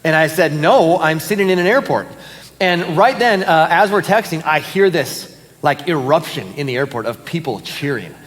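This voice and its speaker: A man's voice: fairly high pitch, moderate pace, long reverb tail. A man, a pastor giving casual announcements and stories in a church service. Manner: casual, animated storyteller with fillers and laughs. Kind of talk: sermon announcements and storytelling. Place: church auditorium.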